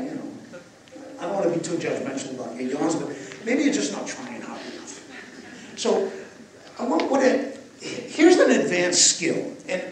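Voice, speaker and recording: A man teaching breathwork to a live audience, moving between calm guided instructions and playful, jokey asides. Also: fairly high pitch. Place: live festival session. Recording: echoey, distant room recording with noise.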